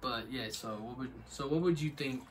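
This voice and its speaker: A man's voice: medium pitch, moderate pace. A young man co-hosting a casual podcast, rambling and laughing often. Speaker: podcast co-host. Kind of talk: casual chat. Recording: distant mic, faint background noise.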